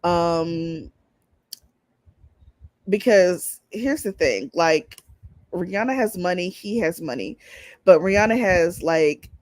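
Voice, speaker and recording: A woman's voice: fairly low pitch, lively intonation, slow, long pauses, a little mellow, dry recording, clean studio sound. A woman co-hosting a podcast, chatting casually about celebrity gossip in a laid-back way, swearing casually. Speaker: podcast co-host.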